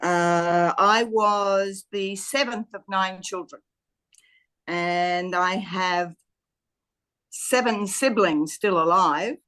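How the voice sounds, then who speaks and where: A woman's voice: mid-range voice, drawn-out words, fairly bright tone. An Australian woman in her seventies, a podcast guest telling her life story in a plainspoken way. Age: 70s. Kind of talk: casual interview chat.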